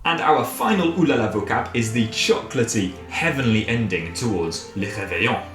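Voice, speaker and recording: Speaking at a normal speed with lively intonation, this man has a medium-pitched, slightly bright voice. He runs a fun French lesson for kids from a home kitchen, saying words over in varied voices so pupils can repeat them. Faint music plays in an echoey room.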